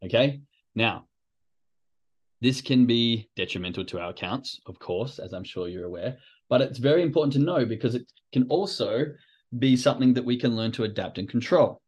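A man's voice: medium pitch, animated, normal speed, darkish tone, husky. A man hosting a podcast, explaining things in a casual, conversational way with restarts and asides. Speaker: podcast host. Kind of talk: casual educational podcast talk.

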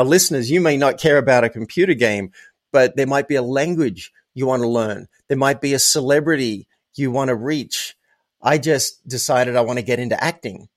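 A man speaking as a podcast guest, telling personal anecdotes in an emphatic, conversational way and repeating words to stress them. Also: medium pitch. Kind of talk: casual interview storytelling.

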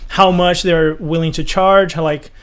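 A man co-hosting a podcast in relaxed, casual chat. He speaks a touch high and feels his way through sentences with fillers and small restarts. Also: a little slow, clean tone. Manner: hesitant, many fillers and restarts, easygoing. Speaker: podcast co-host, music producer.

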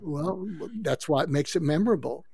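A man's voice: on the high side, moderate pace, vocal fry, a crowd in the background. An older man, a guest expert, explaining how to handle conflict in a coaching, advice-giving way. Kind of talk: advice-giving interview talk.

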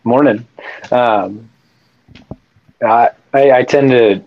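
Slow hesitant guy, lowish voice, kinda muffled lo-fi mic. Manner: hesitant, thinks aloud. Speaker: podcast guest.

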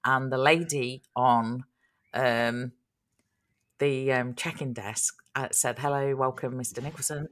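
Low, bright-voiced woman. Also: fairly even intonation, unhurried. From Australia. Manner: chatty storyteller, laughs often. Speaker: podcast co-host. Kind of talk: casual chat.

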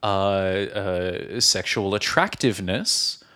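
A man co-hosting a podcast, explaining English phrases through examples in casual chat. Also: low voice. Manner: animated, explains slowly with examples. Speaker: podcast co-host.

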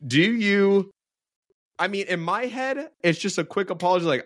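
This podcast host's high voice has lively intonation and a normal speed. He chats casually, laughs a lot, and rambles, frequently starting over; the recording is dry and studio-clean.

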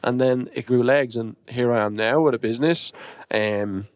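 A man's voice: mid-range voice, moderate pace, no room sound, studio quality. A young Irish man, founder of a gym business, chatting casually on a podcast and acting out the dialogue in his stories. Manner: storytelling, acting out quoted dialogue.

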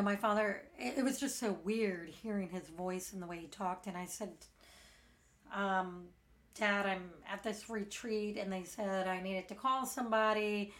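A middle-aged woman hosting a meditation podcast, telling a personal story candidly in a frank, earnest way with blunt wording. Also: medium pitch.

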